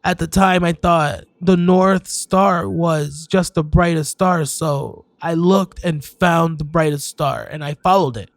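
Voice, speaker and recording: A man narrating a first-person horror story with hesitant pauses and sighs. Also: fairly high pitch, dry recording.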